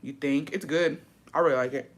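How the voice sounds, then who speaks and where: A woman vlogger chats casually to her viewers on camera, profane and dramatic, sprinkling Spanish phrases into her English. Her voice is low, steady, and brisk.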